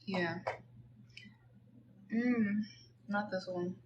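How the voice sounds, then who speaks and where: A woman's voice: medium pitch, steady tone, very slow, muffled recording, noisy background. A young woman doing a casual tarot reading, chatty and slangy, rambling into side stories. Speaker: tarot reader.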